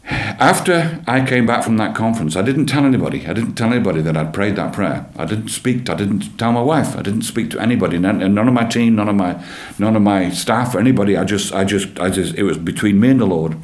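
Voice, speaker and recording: A man, a church leader giving an earnest, animated personal testimony in an interview, often repeating his phrases. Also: on the low side, a little fast. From England. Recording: roomy echo.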